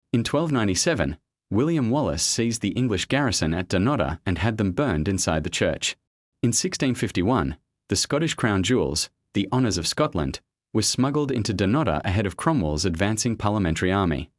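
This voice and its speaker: Male narrator, scripted documentary read, grave and measured, low voice, dry close sound. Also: no room sound. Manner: grave, measured, with rhetorical questions.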